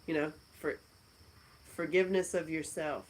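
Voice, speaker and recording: A woman's voice: low-pitched, fairly even intonation, unhurried, low-quality recording. A middle-aged woman hosting a casual live stream, chatting and laughing as she answers viewer comments from a friend's house. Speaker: livestream host.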